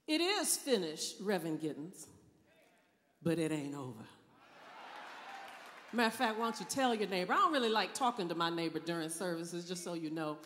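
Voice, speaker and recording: A woman preacher delivering a Good Friday sermon, calling on the congregation for responses and rising to loud cries. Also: mid-range voice. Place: large church. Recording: long church hall reverb.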